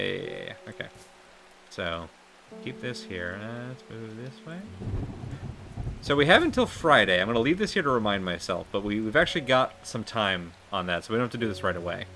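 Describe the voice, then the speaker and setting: A man's voice: fairly low pitch, gravelly, sharp tone, slight background noise. A man streaming a game live, thinking aloud and asking his viewers what to do next. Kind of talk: live gameplay commentary.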